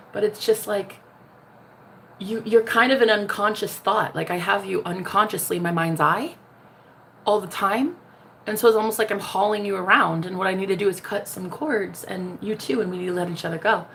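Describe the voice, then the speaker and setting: A woman's voice: medium pitch, normal speed, a little hiss or hum. A woman in a casual spiritual vlog, talking sassily and directly to viewers, calling them honey and laughing often. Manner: sassy, talks straight to the viewer, calls them honey; laughs often, jumps between loud and hushed. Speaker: vlogger.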